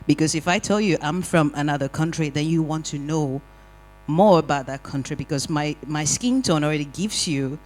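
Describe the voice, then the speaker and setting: A panel speaker telling lively, wry personal stories in a discussion. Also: mid-range voice, moderate pace, soft background music, rough recording. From Nigeria. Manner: animated, wry storytelling with acted-out quotes. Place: community hall panel.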